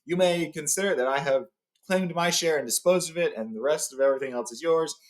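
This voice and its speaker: Brief: a little hobbit, squeaky and high, timid and apologetic, voiced by a man. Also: brisk, lightly acted. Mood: nervous. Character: small frightened male hobbit.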